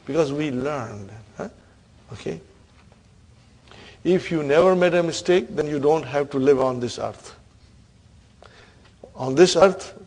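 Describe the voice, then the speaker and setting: A man's voice: on the high side, vocal fry, a little mellow, husky. A man teaching an Arabic grammar class, quizzing his students and checking in with a "huh?" between points. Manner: questioning students, frequent "huh?" and laughs.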